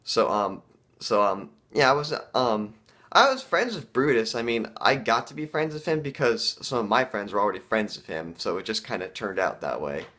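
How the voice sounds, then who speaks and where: A man vlogger telling a casual story to camera, halting and full of fillers. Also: on the low side, animated, bright, forceful tone.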